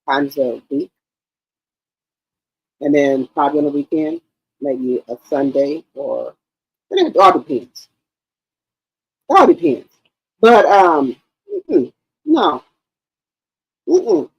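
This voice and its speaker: A woman's voice: extremely low pitch, breathy edge, dull audio. A woman in her forties hosting a live stream, chatting casually and emphatically straight to her viewers. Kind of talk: casual chat.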